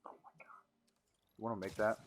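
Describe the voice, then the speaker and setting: A young man joking and teasing his friends as he comments on a video game, laughing often. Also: quick pace. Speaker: let's play commentator. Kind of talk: casual gaming banter.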